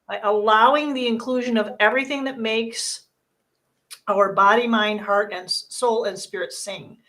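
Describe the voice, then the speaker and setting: A woman's voice: fairly high pitch, steady tone, normal speed, fairly bright tone. Earnest woman giving a card reading. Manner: earnest, reassuring, talks in loose restarts. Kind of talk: casual spiritual card reading.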